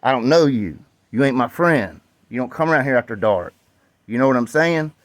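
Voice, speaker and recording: A man with a Southern US accent tells a long, rambling story in a blunt, profane way. His voice sits at an ordinary pitch for a man. The sound is dry and close, with little room echo. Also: lively intonation, moderate pace. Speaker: dog breeder. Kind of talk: casual storytelling rant.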